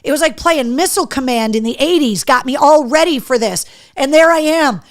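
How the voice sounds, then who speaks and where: A woman hosting a live show, chatting and reading viewer comments aloud, telling stories in an animated, profane way. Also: high-pitched, fairly quick, no echo, studio quality. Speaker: host.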